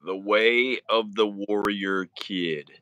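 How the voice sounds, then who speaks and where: Dude, lowish bright voice, laid back, earnest, dry close mic. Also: male voice, fairly even intonation, takes it slowly, clear, resonant tone, no echo, highs cut off. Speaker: podcast co-host. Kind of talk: casual chat.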